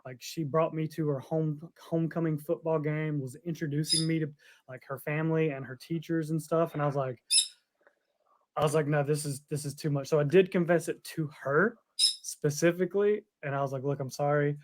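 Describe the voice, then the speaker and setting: A man's voice: fairly high pitch, fairly even intonation, normal speed, slight background noise. A man co-hosting a podcast, telling a long story with frequent laughs. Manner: rambling storyteller, laughs often. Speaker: podcast co-host. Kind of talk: casual chat.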